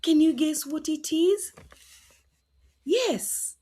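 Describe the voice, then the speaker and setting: Slow, sing-song woman teaching young children. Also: high voice, very animated, a little mellow. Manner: cheerful, coaxing, sounds out letters slowly.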